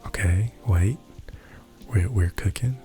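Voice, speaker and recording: A man doing whispered role-play as an ASMR creator, soft-spoken, rambling and self-deprecating. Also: low-pitched, slow pace, over music.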